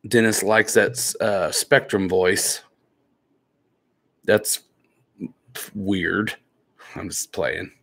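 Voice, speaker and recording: A man's voice: low voice, steady tone, drawn-out words, vocal fry, pauses often, a bit bright. A man hosting a live stream in a laid-back, joking way, reading viewer comments aloud and teasing the people in the chat.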